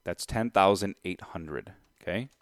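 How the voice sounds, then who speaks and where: Man, casual storyteller, thinks out loud over numbers, close dry sound. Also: low voice, unhurried, no room sound. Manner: animated retelling, acts out both sides of a deal; works out sums aloud, thinking out loud. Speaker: real estate investor.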